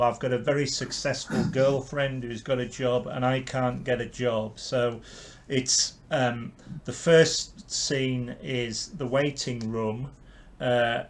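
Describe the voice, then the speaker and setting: A man from Carlisle, England, hosting a podcast interview and talking hesitantly about his own play with many ums. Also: mid-range voice. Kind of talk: casual interview chat.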